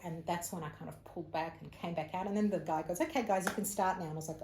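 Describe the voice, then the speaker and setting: This Australian psychic medium, appearing as an interview guest, talks fast with few pauses in a fairly low voice. In casual conversation she tells a personal story like an animated storyteller, performing the voices of those she quotes. Echo and faint background noise fill the recording.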